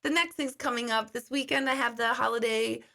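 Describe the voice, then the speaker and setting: A woman's voice: a little high, fairly even intonation, fairly quick, gravelly, bright, forceful tone. A woman in her forties hosting a casual live stream, telling stories in a chatty way and reading viewer comments aloud.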